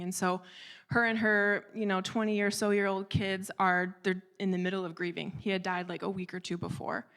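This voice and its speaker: A woman delivers a church sermon as a lively personal story. She talks in a casual, conversational way, full of asides, and acts out the dialogue of the people in it. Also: mid-range voice. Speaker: church speaker.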